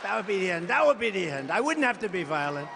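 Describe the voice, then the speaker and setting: A man's voice: sits high, big pitch swings, fast, vocal fry, fairly bright tone, slight background noise. A man giving a rambling, boastful rally speech from a podium microphone, with off-the-cuff asides to the crowd. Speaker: political candidate at a campaign rally. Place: large rally venue before a crowd. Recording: long reverb of a big rally hall.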